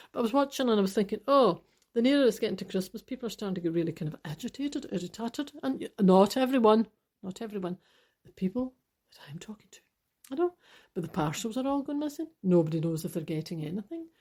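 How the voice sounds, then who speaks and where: Scottish lady rambling on her podcast, warm mellow voice, laughs a lot. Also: mid-range voice, husky. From Scottish Highlands. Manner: animated, laughing, rambling storyteller. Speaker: podcast host. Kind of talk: chatty solo monologue.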